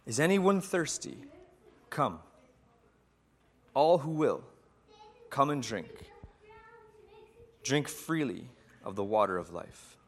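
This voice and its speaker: Male pastor telling a sermon story, unhurried, reflective, with long pauses. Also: mid-range voice, very animated. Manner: slow, reflective, with dramatic pauses.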